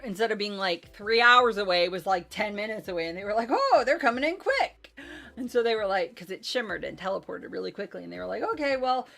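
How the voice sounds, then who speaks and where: A woman's voice: mid-range voice, pushed and bright. A woman in casual chat, recapping a tabletop game session in a rambling, self-deprecating way with lots of fillers.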